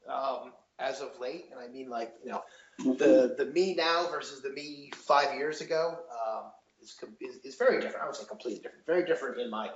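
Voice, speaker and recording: Speaking a little fast at a medium pitch, this man in his thirties, a chef, chats loosely on a podcast, restarting often and leaning on fillers. It's a casual interview, recorded with a dull, roomy sound and faint noise.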